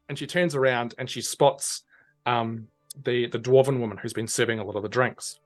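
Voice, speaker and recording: Female game master, animated narrator who slips in and out of character voices, light music bed. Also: a bass voice, normal speed.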